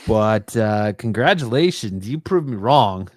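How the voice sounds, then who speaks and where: A man's voice: on the low side, lively intonation, measured pace, a little mellow, no room sound. A man co-hosting a casual comics podcast, teasing his co-host between segments with filler-laden, hesitant banter.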